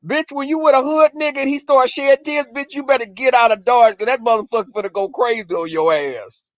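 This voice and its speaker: A man telling crude stories in a casual rant to his viewers, profane and animated, acting out quarrels in a shrill voice. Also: brisk, no echo.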